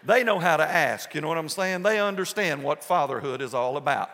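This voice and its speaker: A male pastor preaching a passionate sermon, swinging between soft, low passages and loud bursts. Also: brisk, few pauses. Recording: long hall reverb.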